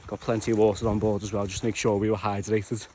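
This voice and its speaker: A man's voice: lowish voice, little pitch movement, quick pace, warm tone, a little hiss or hum. A young man, chatting casually while hiking uphill and out of breath. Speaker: hiking vlogger. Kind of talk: casual outdoor vlog narration. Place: outdoors on a fell.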